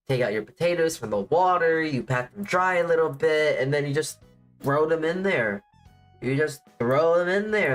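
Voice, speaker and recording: A man's voice: mid-range voice, low-quality recording. A man streaming as a VTuber, chatting casually in a rambling way, full of "like" fillers and self-deprecating asides. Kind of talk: casual livestream chat. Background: faint music playing.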